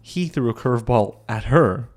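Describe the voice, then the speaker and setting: A man's voice: animated, normal speed, soft background music. Chatty opinionated man recapping a reality show. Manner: chatty and opinionated, voice jumps high when incredulous. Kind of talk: casual recap commentary.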